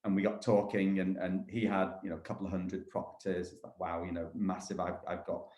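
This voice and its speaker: A man's voice: low-pitched, little pitch movement, fairly quick, darkish tone, reverberant, dull audio. A man with a Manchester accent, chatting on a video call as an interview guest, rambling a little with restarts. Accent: Manchester English. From England. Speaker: property developer guest.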